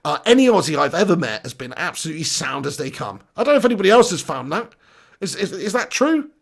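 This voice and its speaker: A man's voice: a little high, big pitch swings, quick pace, creaky. A man from Britain hosting a live football stream, chatting casually, laughing often and reading out viewer comments.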